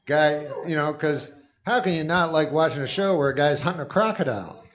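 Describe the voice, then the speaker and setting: This stand-up comic, a man working a club stage with a handheld mic, keeps his delivery deadpan and wandering, full of folksy side remarks that draw laughs from the crowd. He speaks on the high side and fairly quickly.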